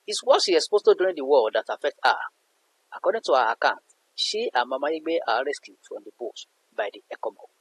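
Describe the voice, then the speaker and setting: A man's voice: mid-range voice, animated, brisk, husky, poor audio. A man teaching a literature lesson in an emphatic way, repeating points for his students. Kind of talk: explanatory lesson narration.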